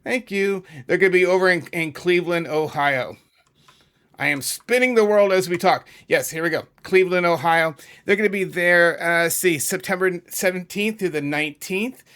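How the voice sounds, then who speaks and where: A man's voice: sits high, moderate pace, a bit bright, clean tone. A middle-aged man from New England hosting his channel, chatting casually and rambling into asides and self-corrections while talking over a map. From New England, USA. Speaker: YouTube music channel host.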